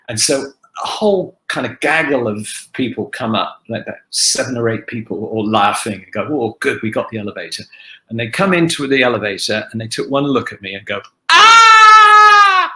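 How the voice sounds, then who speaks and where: Older man with a bright voice. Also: mid-range voice, low-quality recording. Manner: animated anecdotal storytelling. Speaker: guest actor answering fan questions. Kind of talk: casual virtual panel Q&A. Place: home kitchen. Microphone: video call.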